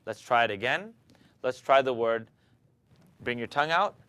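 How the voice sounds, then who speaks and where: A man teaching Quran recitation, calmly demonstrating letter sounds and asking students to repeat after him. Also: mid-range voice, moderate pace, smooth, no room sound. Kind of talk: pronunciation lesson.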